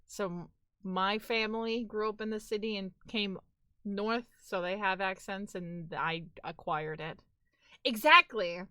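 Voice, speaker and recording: A chatty woman with a Brooklyn-flavored New York accent talks to her viewers on a live stream. Her voice is bright and sharp, and it sounds close and dry with no room around it. She rambles freely, peppering her talk with "like" and casual swearing. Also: mid-range voice, unhurried, no room sound. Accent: New York, Brooklyn-tinged. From near New York City. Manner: chatty, animated, swears and says "like" a lot. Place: home.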